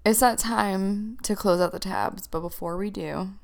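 A woman's voice: medium pitch, unhurried, gravelly. A woman co-hosting a podcast, chatting casually and laughing often. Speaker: podcast co-host. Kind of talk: casual chat.

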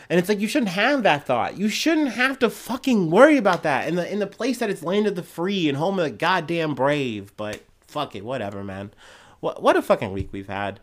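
A man's voice: fairly high pitch, sing-song, quick pace. Heated, profane young man ranting. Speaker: podcast host. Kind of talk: casual solo commentary.

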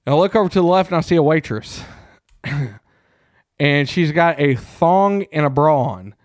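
A man co-hosting a podcast, telling a profane, animated story in casual chat. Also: on the high side, moderate pace, dry recording, studio quality. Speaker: podcast co-host. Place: small room.

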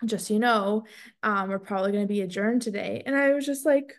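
A woman's voice: medium pitch, brisk. A woman in her thirties co-hosting a podcast, telling a story with lots of fillers and frequent laughter. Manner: storytelling, animated, laughs often, many "like" fillers. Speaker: podcast co-host. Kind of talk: casual podcast chat.

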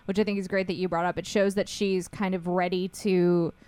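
A woman's voice: on the low side, level tone, fairly quick, a little mellow, clear, resonant tone. A woman co-hosting a casual podcast chat, chatty and giggly, often trailing off mid-sentence. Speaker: podcast co-host.

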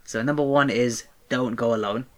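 A man's voice: mid-range voice, steady tone, moderate pace, a bit bright. A young man co-hosting a podcast, eagerly bringing up topics and explaining them. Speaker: podcast co-host. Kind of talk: casual chat.

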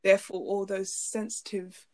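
A woman's voice: medium pitch, flat delivery, normal speed. A woman co-hosting a casual faith discussion, affirming her partner and laughing lightly as she shares her own story. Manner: warm affirming listener, laughs while talking. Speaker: podcast co-host.

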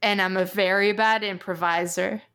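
Woman, podcast co-host, medium pitch, chatty, laughs easily. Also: fairly even intonation, moderate pace, a bit bright, clear, resonant tone. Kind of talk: casual chat.

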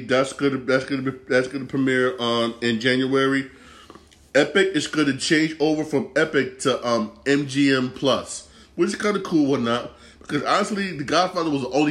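A man hosting a casual solo podcast, rambling and repeating himself, with slangy, profane talk. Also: mid-range voice. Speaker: podcast host.

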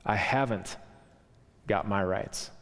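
Brief: a man reading as a quiet, lower, patient heavenly spirit, long reverb tail. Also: takes it slowly. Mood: gentle. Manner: soft, patient, reassuring. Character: gentle calm heavenly spirit, grown man.

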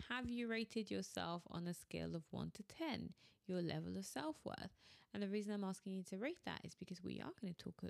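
A woman's voice: medium pitch, vocal fry. A woman in her thirties hosting her own podcast, talking candidly and laughing between phrases while she admits she is irritated. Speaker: podcast host. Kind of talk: casual solo podcast talk.

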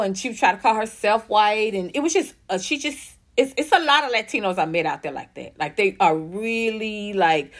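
A young woman hosts commentary in a profane, blunt, heated rant, swinging between rapid outbursts and slow, stressed words. Her voice is medium in pitch and animated.

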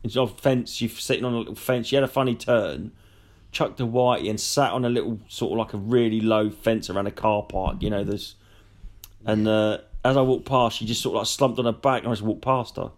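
A man co-hosting a podcast, talking in a joking, animated way with plenty of swearing. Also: fairly low pitch, brisk. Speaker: podcast co-host. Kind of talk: casual chat.

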